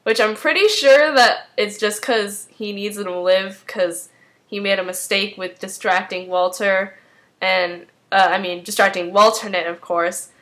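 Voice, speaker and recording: A woman's voice: mid-range voice, steady tone, a little slow, a bit bright. A woman in a casual spoken recap as a fan, chatting loosely with lots of "um" and "like" fillers. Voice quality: rambling with many fillers, chatty.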